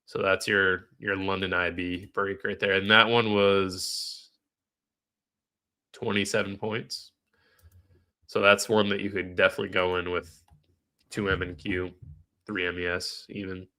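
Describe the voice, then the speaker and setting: A man's voice: low-pitched, level tone, a little slow, long pauses, sharp tone. A man with a nasal, stuffed-up voice, live-streaming trading commentary in a casual way, thinking aloud and answering chat questions.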